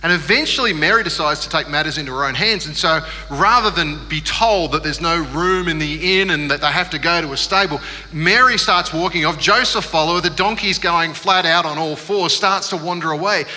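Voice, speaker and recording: A pastor tells a funny story from the pulpit in a lively way. His voice sits a little high and sounds very bright. It echoes through a church hall over a faint hum. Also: a little fast. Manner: humorous storytelling, animated. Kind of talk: sermon.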